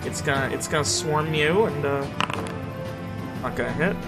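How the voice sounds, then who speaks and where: A man acting as game master, narrating the action with lots of ums and quick self-corrections. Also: a little high, over loud music. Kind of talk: running a tabletop game.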